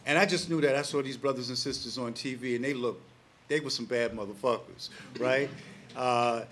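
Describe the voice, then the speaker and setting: A man in his sixties, a panelist telling a personal story to a packed live audience, animated and acting out the voices of the people in it. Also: medium pitch, moderate pace, a little hiss or hum. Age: 60s. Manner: animated, acts out quoted voices, laughs between lines. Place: packed public panel gathering.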